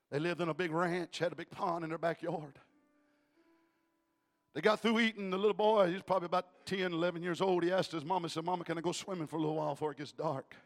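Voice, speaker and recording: A male evangelist preaching in a church, telling a story emphatically and rising to shouts. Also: fairly high pitch. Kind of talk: storytelling sermon.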